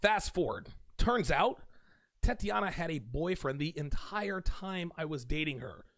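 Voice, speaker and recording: Male host, gravelly and a touch high-pitched, emphatic and repetitive, dry close sound. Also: expressive, measured pace, fairly bright tone, no room sound. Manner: emphatic, repeats phrases while building a point. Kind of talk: livestream commentary.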